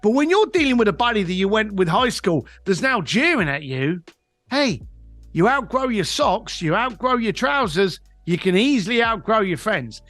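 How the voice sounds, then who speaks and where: A man's voice: sits high, normal speed, no echo, faint music behind. A man, a coach and author telling emphatic stories as a podcast guest and acting out the quotes. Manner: animated storyteller, emphatic, acts out quotes. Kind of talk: podcast interview storytelling.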